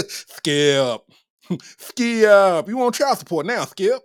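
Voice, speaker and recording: A man's voice: high voice, wildly swooping pitch, drawn-out words, pitched above the performer's own voice, heavily acted. Man doing a taunting bossy woman. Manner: taunting, sing-song repetition. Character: bossy heavyset woman taunting a man over child support.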